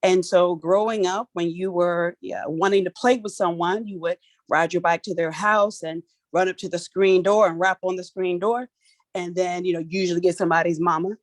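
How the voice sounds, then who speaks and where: A middle-aged woman from Philly with the to match, running an online workshop like a lively get-together. Her voice sits fairly low, and she keeps it playful and chatty with loose, colloquial phrasing. The sound is dry and close, coming through her phone on a video call. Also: moderate pace, dry recording. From Philadelphia, USA. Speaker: workshop host. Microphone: phone for audio on a video call.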